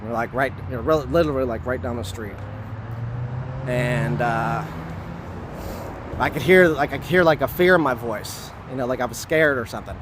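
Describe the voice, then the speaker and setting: A man telling a personal story to camera outdoors, rambling and earnest, filling every pause with "you know" and "like" and hurrying to finish. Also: mid-range voice, noisy background. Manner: hurried, wanting to finish quickly. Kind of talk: casual spoken recollection.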